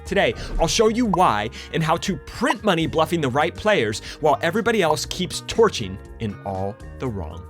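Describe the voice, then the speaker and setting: A man coaching poker, walking through hand ranges step by step in an energetic, emphatic scripted lesson. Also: a little high, normal speed, hardly any pauses, soft background music.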